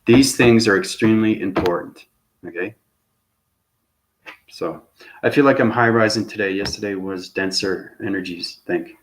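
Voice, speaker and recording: A man's voice: on the low side, moderate pace, long pauses, slight background noise. A man hosting his own channel, talking through a loose spiritual monologue that searches for words and restarts, and keeps checking in with "okay?". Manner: repeats "okay?" as a tag after phrases. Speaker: channel host.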